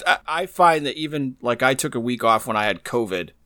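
A man's voice: medium pitch, lively intonation, brisk, sharp tone, no echo. A man hosting a comedy podcast, chatting casually in a jokey style with playful exaggeration. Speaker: podcast host.

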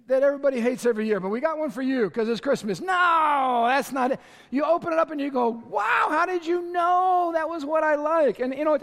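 A man preaching a lively, storytelling sermon and talking straight to his congregation in a large church. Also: extremely high pitch. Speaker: pastor. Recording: long reverb of a large hall.

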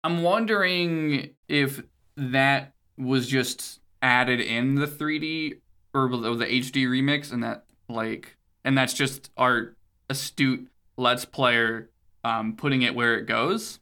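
Man, podcast co-host, bright voice, rambling, casual swearing. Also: medium pitch, takes it slowly, clear, resonant tone. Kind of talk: casual chat recapping a video game.

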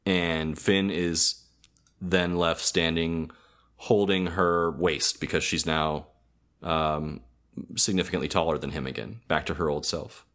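A man's voice: sits low, fairly even intonation, measured pace, a bit bright. A man co-hosting a podcast, casually recapping a cartoon episode in a rambling, hesitant way, full of ums and self-corrections. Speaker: podcast co-host.

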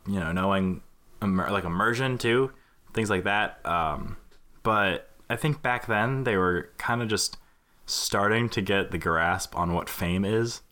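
A young man co-hosting a podcast, cracking quick jokes and playful asides in casual chat. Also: on the low side, sharp tone. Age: young adult. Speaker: podcast co-host.

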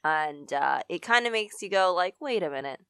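A woman co-hosting a podcast in casual chat, easygoing and quick to laugh. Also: lowish voice, lively intonation, a bit bright, clean tone, no echo, studio quality. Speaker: podcast co-host.

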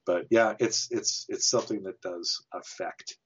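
A man's voice: low-pitched, fairly even intonation, unhurried, fairly bright tone, slightly rough, lo-fi sound. A man co-hosting a podcast, musing hesitantly about a film as he thinks aloud. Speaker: podcast co-host. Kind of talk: casual film discussion.

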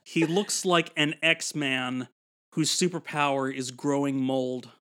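A man's voice: mid-range voice, steady tone, takes it slowly, fairly bright tone, smooth. A man co-hosting a casual movie review, trading dry, joking quips.

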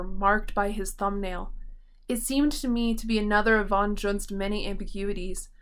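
A woman narrating a horror story audiobook in a measured, grave manner. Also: medium pitch, fairly bright tone. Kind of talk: audiobook reading of a horror tale.

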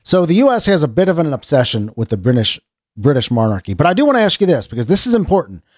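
Rambling host with a lively voice. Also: male voice, a little high, fast, no room sound, studio quality. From United States. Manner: rambling, self-interrupting, chuckling. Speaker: podcast host. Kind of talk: casual chat.

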